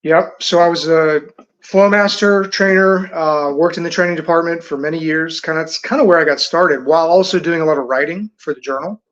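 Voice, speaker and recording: A man guest on a podcast, explaining his views in a measured, earnest way. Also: on the high side, fairly even intonation, fairly bright tone, highs cut off. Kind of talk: casual chat.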